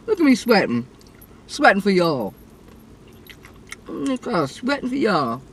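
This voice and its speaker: A woman's voice: mid-range voice, big pitch swings, unhurried, pauses often, a little hiss or hum. A woman, chatting playfully with viewers about her meal on her eating show. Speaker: mukbang vlogger. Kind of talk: casual eating show chat.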